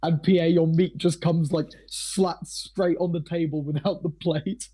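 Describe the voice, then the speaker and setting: A high-pitched man runs a tabletop game with loose, rambling narration. He swears freely, laughs often and fills every gap with fillers. His voice sounds slightly hoarse. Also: fairly even intonation, measured pace, mellow. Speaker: game master.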